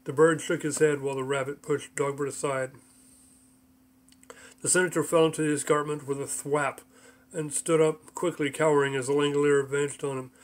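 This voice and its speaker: A man's voice: fairly high pitch, little pitch movement, normal speed. A man reading his own book aloud as audiobook narration, with mild voice shifts for the characters.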